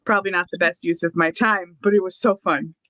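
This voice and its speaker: A woman's voice: fairly low pitch, fairly even intonation, a little fast, bright, forceful tone, dry recording. A woman co-hosting a casual chat, rambling and enthusiastic with many fillers. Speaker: co-host.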